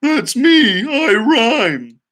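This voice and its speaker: A man's voice: extremely high pitch, sing-song, very slow, gravelly, sharp tone, pitched above the performer's own voice, heavily acted. A man doing a whiny, teary pony. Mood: proud. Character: sulky, wounded talking pony.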